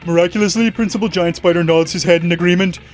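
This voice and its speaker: A man's voice: high voice, steady tone, fast talker, faint music behind. A man reading game narration aloud in a wry, mock-dramatic way.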